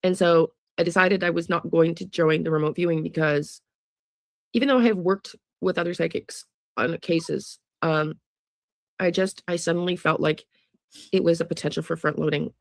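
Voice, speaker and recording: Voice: medium pitch, fairly even intonation, moderate pace, creaky, no echo, clean studio sound. An American true crime psychic host talking casually to viewers in a rambling monologue full of restarts and trailing asides.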